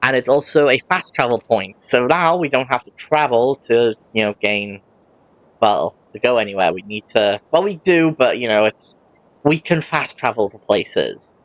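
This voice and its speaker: Brief: male gamer, loose chatty playthrough commentary, self-correcting, average pitch. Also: moderate pace, a bit bright, dry recording. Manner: rambling, often corrects himself mid-sentence. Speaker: let's play host. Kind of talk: casual gameplay commentary.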